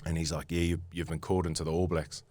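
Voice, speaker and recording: Man, New Zealand accent, deep voice, rambling casual storyteller, dry close-miked sound. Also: little pitch movement, fast talker, darkish tone, no room sound. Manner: rambling, many fillers and restarts. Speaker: guest rugby player.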